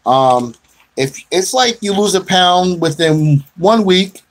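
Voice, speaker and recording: A man's voice: high voice, lively intonation, takes it slowly. A middle-aged man hosting a casual radio show, loose and joking, talking straight to listeners. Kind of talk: casual internet radio chat.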